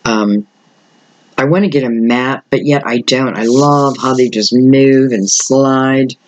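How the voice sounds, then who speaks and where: Older man, rambling and slightly hoarse. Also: mid-range voice, fairly even intonation, takes it slowly, low-quality recording. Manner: thinks aloud, rambling, with frequent fillers. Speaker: tarot reader. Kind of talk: rambling solo tarot reading.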